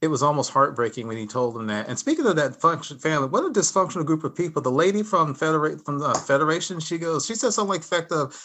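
Bright-voiced animated man. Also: on the high side, very fast, few pauses, slight background noise. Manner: animated, laughing retellings. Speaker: podcast host. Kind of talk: casual chat.

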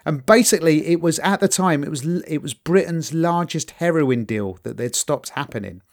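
A man's voice: a little high, moderate pace. A middle-aged British man chatting casually, telling stories animatedly and acting out the voices of the people in them. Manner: animated storyteller, acts out voices loudly. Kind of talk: casual chat, storytelling.

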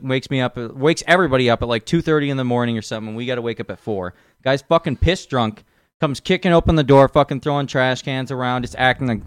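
Profane young man, smooth dry voice. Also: mid-range voice, no room sound. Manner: profane, laughs often, acts out drill sergeants. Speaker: podcast co-host. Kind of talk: casual storytelling chat.

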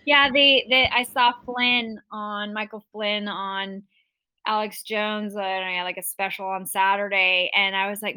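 Eager agreeing woman host, bright. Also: mid-range voice, clean tone. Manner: eager, agreeing, quick animated retelling. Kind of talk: casual chat.

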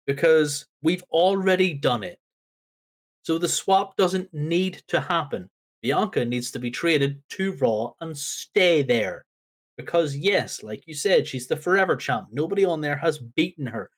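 A man's voice: on the high side, expressive, measured pace. Emphatic man ranting on a podcast. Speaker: podcast co-host. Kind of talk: casual wrestling podcast chat.

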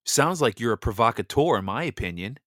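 A man's voice: mid-range voice, animated, a little fast, a bit bright, no room sound. Blunt, heated man on a dry mic. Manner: heated, blunt, stumbles and repeats words when worked up. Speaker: host of a Bible reading show. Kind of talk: impassioned political monologue.

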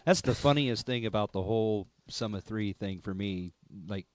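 A man's voice: lowish voice, normal speed, dry recording. A man, a band member visiting a radio show, talking casually and wryly about old songs. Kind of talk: casual chat.

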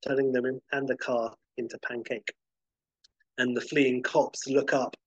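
Husky man pitching a film scene. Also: darkish tone, no echo, dull audio. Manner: rambling, many fillers and restarts, vivid scene-by-scene description. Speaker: podcast host pitching a film. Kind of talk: casual storytelling pitch.

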